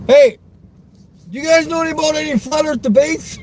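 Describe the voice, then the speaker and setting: A man from Westchester County, New York, vlogs from his car in a very high, darkish voice, speaking fairly quickly. His talk rambles and provokes, full of teasing and frequent laughs, with car noise behind him.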